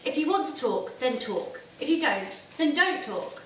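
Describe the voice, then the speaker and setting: An actress playing a calm, reserved woman who listens at a support group, speaking in a terse, even, guarded way in a stage drama. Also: high-pitched, unhurried, a little hiss or hum, full character voice. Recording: echoey room, mic far off.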